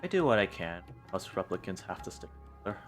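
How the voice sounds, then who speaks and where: A man's voice: low voice, big pitch swings, fast, faint music behind. A man voicing an old male replicant butterfly seller who dodges questions in a tabletop game. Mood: wary.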